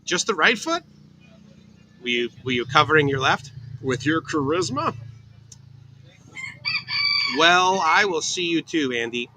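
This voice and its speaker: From an outdoor cafe on a tropical island, a man hosts a casual livestream, chatting upbeat with viewers and reading and answering their comments by name. His voice is on the high side and sharp, with lively intonation, and he speaks unhurriedly with frequent pauses. The low-quality recording carries slight background noise.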